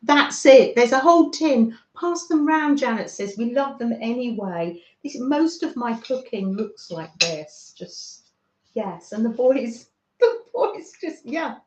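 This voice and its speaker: A woman's voice: on the high side, expressive, slow pace, darkish tone, muffled recording, slight background noise. British woman, livestream host, chatty and leisurely, in a roomy room. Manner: chatty, reads out viewer comments, laughs often. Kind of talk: casual livestream chat.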